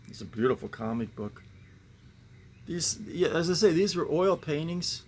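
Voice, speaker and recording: A man's voice: fairly high pitch, lively intonation, moderate pace, slight background noise. A man hosting a casual show-and-tell about his comic book collection, rambling and musing with sighing asides.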